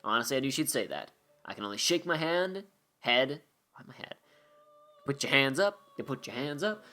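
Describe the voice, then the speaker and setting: A man's voice: mid-range voice, animated, moderate pace, pushed and bright. A man doing let's-play commentary, reading game text aloud between joking, sarcastic, rambling asides. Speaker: gameplay commentator. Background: faint game music.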